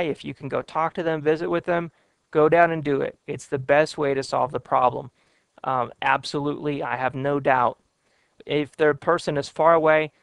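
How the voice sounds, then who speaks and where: A man teaching workplace communication in a relaxed, conversational lecture, with plenty of fillers and advice. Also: fairly high pitch, gravelly, clean tone, no room sound. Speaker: instructor. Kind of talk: soft skills lecture.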